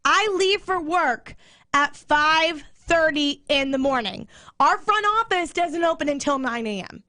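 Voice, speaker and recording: A woman radio co-host ranting and swearing in casual chat, fired up and talking fast. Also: sits high, lively intonation, sharp tone, no echo, clean studio sound. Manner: angry venting, swearing, rapid rants.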